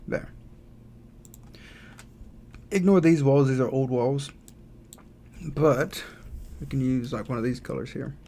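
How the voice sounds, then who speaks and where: A man with a drawl chats casually through a livestream, thinking out loud as he works. His voice has a gravelly, slightly husky edge. Keyboard typing is faintly heard behind him. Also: medium pitch, slow, pauses often. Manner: relaxed, thinking aloud, reads out chat messages. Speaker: game developer streaming live. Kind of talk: casual livestream chat while drawing.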